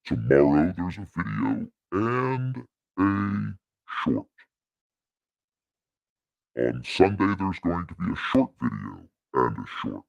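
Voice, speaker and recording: A man putting on a demonic deep voice through a voice changer, growling crude threats and jokes as a channel host. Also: very animated, slow, gravelly, dry recording, lo-fi sound, exaggerated voice.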